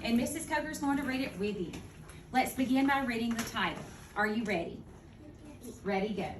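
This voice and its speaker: A woman teaching a second-grade phonics lesson, speaking clearly and deliberately. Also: a little high. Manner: clear, deliberate teacher talk, slowing to model words. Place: classroom. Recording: echoey classroom from far off, noisy.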